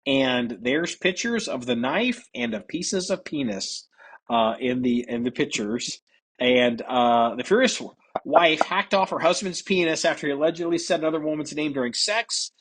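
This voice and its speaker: A man's voice: fairly high pitch, lively intonation, moderate pace, a bit bright, husky. A man hosting a casual podcast, reading odd news stories aloud and laughing and joking about them. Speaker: podcast host.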